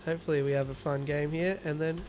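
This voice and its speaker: A man's voice: a little high, fairly even intonation, quick pace, a little mellow, a little hiss or hum. An Australian man hosting a casual livestream, reading viewer comments aloud and teasing them playfully. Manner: playful, teasing, laughs often. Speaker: livestream host.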